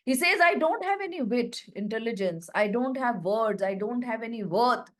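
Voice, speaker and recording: A woman teacher, her voice sitting a touch higher than most women's. She reads each line of the play slowly, then restates it in plain words for her students, patient and explanatory. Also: expressive. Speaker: literature teacher.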